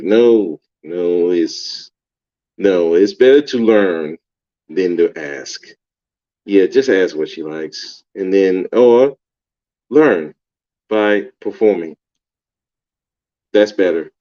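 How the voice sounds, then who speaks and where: A man hosts his own podcast and reacts to a clip in blunt, profane, self-mocking commentary. He talks slowly, and his pitch swings widely when he gets worked up. The sound is slightly dull and lo-fi. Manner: blunt, profane, animated, laughs at himself. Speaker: podcast host reviewing an interview.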